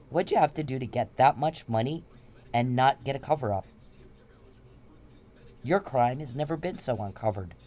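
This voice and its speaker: A woman's voice: very deep voice, mellow. Furious profane woman ranting at someone. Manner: confrontational, profane, repetitive. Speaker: vlogger. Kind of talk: angry direct-to-camera rant.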